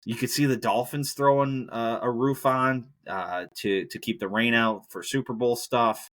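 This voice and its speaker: A man's voice: mid-range voice, steady tone, measured pace, a bit bright. Rambling, profane male podcast host. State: injured knee, hobbling. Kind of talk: solo casual podcast chat.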